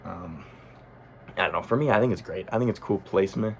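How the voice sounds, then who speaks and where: A low-voiced man with a gravelly, creaky edge gives a relaxed music review. He thinks aloud as he goes, often pausing on ums and correcting himself mid-sentence. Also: a little hiss or hum. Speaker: music critic. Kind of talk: casual album review monologue.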